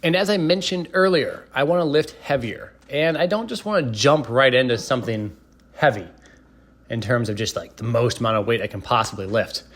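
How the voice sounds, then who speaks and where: A man giving a calm, steady voice-over of his training, explaining each exercise and urging care. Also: medium pitch, brisk. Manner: steady, explanatory, cautious coaching tone. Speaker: fitness vlogger. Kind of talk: voice-over workout breakdown.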